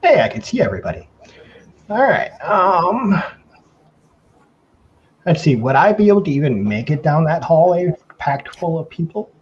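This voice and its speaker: A man's voice: on the high side, very animated, normal speed, pauses often. A man playing a tabletop game over voice chat, plainspoken and matter-of-fact. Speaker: player. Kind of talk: casual play over voice chat. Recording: dull lo-fi voice chat with faint hiss.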